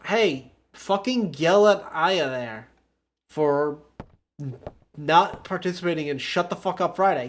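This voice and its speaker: A man's voice: on the high side, expressive, unhurried. A man streaming a video game live, commenting in a sarcastic, profane, mocking way.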